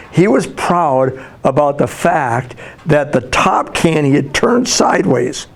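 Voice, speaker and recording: An older man speaks to a class of students, slightly high in pitch for a man. He tells homespun stories, stopping and restarting with plenty of fillers. His talk is easygoing and motivational. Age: 60s. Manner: folksy storytelling with frequent fillers and restarts. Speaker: guest speaker, school counselor.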